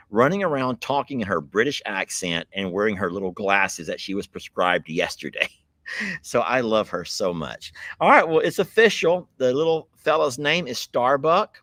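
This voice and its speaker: A man's voice: lowish voice, fairly bright tone, no room sound. A man hosting a livestream, chatting casually and folksily with a guest. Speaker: livestream host. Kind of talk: casual live chat with a guest.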